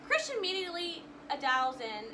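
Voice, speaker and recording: A woman's voice: very high voice, sing-song, a little fast, background noise. A young woman vlogger telling a personal story to camera in an emotional, rambling way, with frequent restarts.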